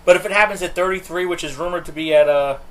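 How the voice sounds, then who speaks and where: A man's voice: fairly high pitch, quick pace, fairly bright tone. A man co-hosting a casual wrestling podcast, rambling through details and tangents. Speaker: podcast co-host.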